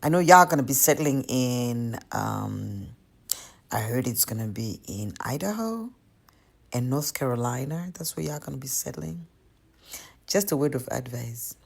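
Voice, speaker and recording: A woman's voice: very deep voice, animated, unhurried, gravelly. A woman giving casual, sarcastic advice in a chatty rant with laughing asides. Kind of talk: casual social media rant.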